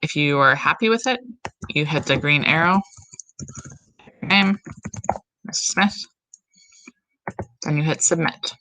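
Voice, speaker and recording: Woman music teacher walking students through steps slowly, bright voice. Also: deep voice, animated, a little hiss or hum, rough recording. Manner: slow, step-by-step instructions. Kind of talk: recorded classroom tutorial.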